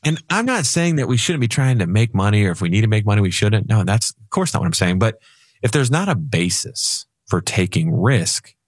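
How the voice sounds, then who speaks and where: A man's voice: on the low side, very animated, a little fast, dry recording, studio quality. A man co-hosting a financial radio talk show, telling stories in a playful, emphatic way.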